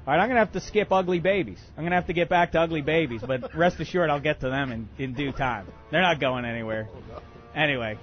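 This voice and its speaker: A man hosting a comedic sports talk radio show, ranting in an excitable, bombastic way with many uhs. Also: a little high, quick pace, lo-fi sound, faint music behind. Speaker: radio host.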